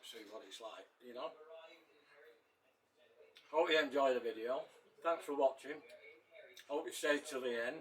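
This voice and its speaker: A man's voice: medium pitch, a bit bright. A middle-aged man chatting casually to camera about his home cooking, rambling and cracking dad jokes while he chews. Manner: eating and chewing while talking. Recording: voice a little distant from the mic.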